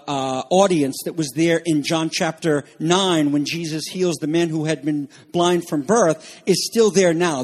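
Husky-voiced male pastor preaching. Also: on the high side. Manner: earnest preaching, emphatic on key phrases, with fillers and asides. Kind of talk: sermon.

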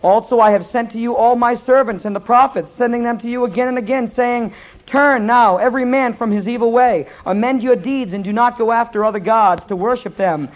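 A male pastor preaching a sermon, retelling scripture in a lively storytelling way and stumbling over hard names. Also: extremely high pitch, a little fast, highs cut off.

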